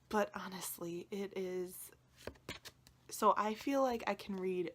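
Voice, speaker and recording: A woman's voice: medium pitch, a little slow, a bit bright. A woman chatting casually to viewers in a vlog, emotional and close to tears, rambling and often dropping into a whisper. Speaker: tarot video creator.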